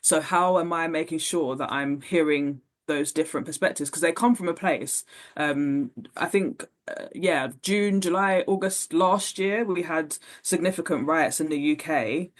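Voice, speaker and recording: A woman's voice: deep voice, unhurried. A woman, a podcast guest speaking thoughtfully in a conversational interview, with frequent fillers.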